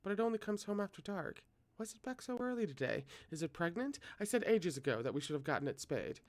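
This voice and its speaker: A man's voice: sits high, big pitch swings, quick pace, pitched above the performer's own voice. A man voicing a brash middle-aged mother who nags and scolds her son. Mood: nagging.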